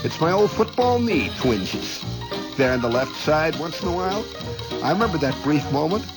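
A man's voice: fairly high pitch, very animated, moderate pace, over loud music, rough recording. A middle-aged man telling rambling, folksy stories as a radio host, acting out voices and exclamations. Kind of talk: rambling storytelling monologue.

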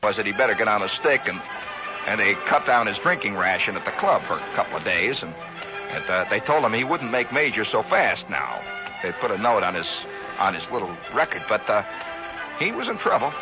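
A man's voice: fairly low pitch, sing-song, fairly quick, over music, rough recording. A man telling a rambling story on a radio monologue, acting out scenes with little sound effects.

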